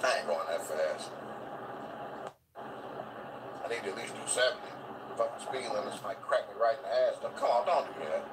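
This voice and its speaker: A man ranting loudly and profanely on a live stream while driving, with sudden yelling bursts. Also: on the low side, lively intonation, normal speed, long pauses, far from the mic, heavy background noise. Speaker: commentary streamer. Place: driving in a vehicle. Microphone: phone in hand.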